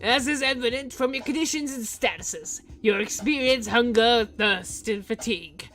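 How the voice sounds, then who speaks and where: A man's voice: extremely high pitch, normal speed, fairly bright tone, pitched above the performer's own voice. A woman voicing a mysterious masked man in a game, speaking formally and cryptically in a theatrical put-on accent. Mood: solemn.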